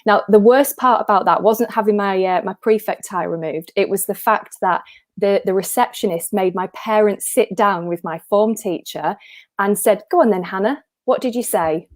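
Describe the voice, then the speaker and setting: A woman in her thirties telling stories in a chatty, animated way on a live-streamed chat show, slipping into the voices of people she quotes. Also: medium pitch, normal speed, no room sound. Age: 30s. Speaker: impressionist and show guest.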